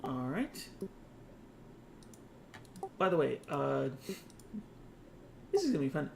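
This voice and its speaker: A man's voice: mid-range voice, very animated, slow, gravelly, darkish tone, a little hiss or hum. A man narrating a tabletop game as game master, casual and laughing with asides to the players.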